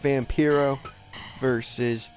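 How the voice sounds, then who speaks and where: A man commentating wrestling matches, hollering at big moves and keeps calling out to the ladies and gentlemen. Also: mid-range voice, takes it slowly. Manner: shouts and hollers at big moves, calm between them. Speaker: play-by-play commentator of a video game wrestling tournament. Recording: loud game music and crowd noise behind.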